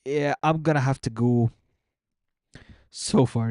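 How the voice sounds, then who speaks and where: A man's voice: mid-range voice, slow pace, darkish tone, clear, resonant tone, dry recording, studio quality. A young man streaming a game, rambling casually and answering his chat as he signs off. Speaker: gaming streamer.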